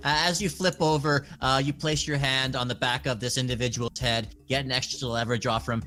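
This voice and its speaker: A man running a tabletop game as dungeon master, narrating and ruling with a lively, joking manner. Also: mid-range voice, fairly quick, few pauses, faint music behind.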